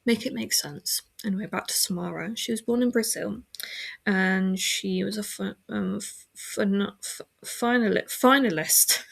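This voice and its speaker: Her medium-pitched, creaky voice stays unhurried as she hosts a casual podcast from a room at home. She rambles, fills gaps with filler words, and often restarts or corrects herself.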